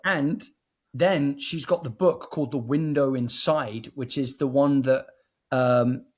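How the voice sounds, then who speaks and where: Husky man sharing film theories. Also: mid-range voice, fairly even intonation, slow pace. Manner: eager, rambling, many restarts. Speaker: podcast guest. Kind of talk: casual film review chat.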